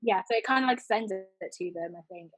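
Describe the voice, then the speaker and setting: A woman's voice: medium pitch, a little fast, a bit bright, breathy edge, dry recording, poor audio. Young woman, British accent, chatty, filler-heavy, dry close recording. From Philippines. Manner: chatty, lots of fillers and little laughs. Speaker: podcast host giving a talk. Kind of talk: casual Q&A after a presentation.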